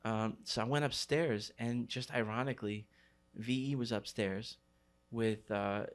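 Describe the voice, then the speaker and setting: A man's voice: mid-range voice, fairly even intonation, measured pace. Middle-aged New man telling stories. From New York City. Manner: loose street slang, many fillers like "like" and "you know". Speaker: guest. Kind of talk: casual storytelling.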